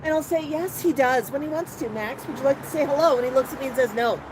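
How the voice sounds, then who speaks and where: A woman's voice: sits high, quick pace. A woman vlogging from an outdoor patio, chatting in a sing-song voice and baby-talking to her pet bird. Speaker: parrot owner and channel host. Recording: outdoor recording with street noise. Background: outdoor street ambience with passing cars.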